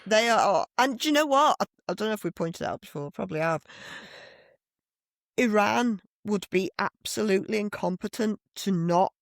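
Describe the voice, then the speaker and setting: A podcast co-host with a mid-pitched voice talks politics in a blunt, sardonic way and giggles often. The recording is dry and close. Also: animated, normal speed, creaky, no room sound. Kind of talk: casual political chat.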